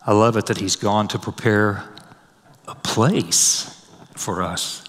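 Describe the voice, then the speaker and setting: Low-voiced man preaching in a reverberant hall. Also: slow pace. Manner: swells loud and high for scripture, drops soft and low for a personal story. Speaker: pastor. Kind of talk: sermon.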